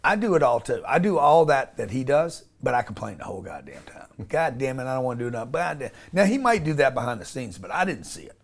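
A man's voice: medium pitch, sing-song, quick pace, few pauses. Blunt, emphatic man talking in an interview. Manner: emphatic and blunt, with frequent restarts and casual swearing. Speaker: interview guest. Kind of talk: casual interview talk.

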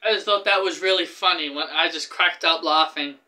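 Excitable high-voiced man vlogging. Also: brisk. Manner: excitable and rambling, with frequent restarts. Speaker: gaming YouTuber. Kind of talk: casual gaming news vlog.

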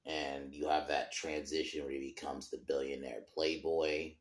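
A man with an extremely low, deep voice talks casually through a film review, swearing freely and often losing his thread before restarting. The sound has a roomy echo around it, as if recorded in an open room. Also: flat delivery, normal speed. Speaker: podcast host.

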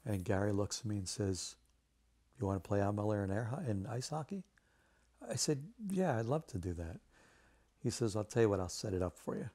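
Man telling an animated game-industry story. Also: fairly low pitch, a little fast. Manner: animated anecdote telling with quoted voices. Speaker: video game artist. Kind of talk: casual storytelling interview.

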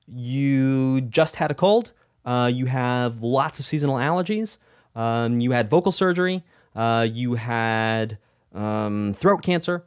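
A man teaching music in a live question-and-answer lesson, talking energetically, repeating himself and telling stories. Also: mid-range voice. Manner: energetic, repeats phrases, animated storytelling.

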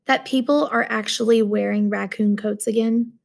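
A woman's voice: fairly high pitch, fairly even intonation, moderate pace, gravelly. A woman reading the lines of a smug, coldly logical eighteen-year-old male student. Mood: lecturing. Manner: superior, lecturing.

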